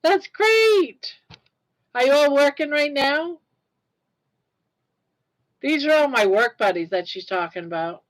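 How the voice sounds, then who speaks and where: A woman's voice: sits high, measured pace, pauses often, low-quality recording. An older woman hosting her own live stream, chatting casually and reacting aloud to viewer comments. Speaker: livestream host.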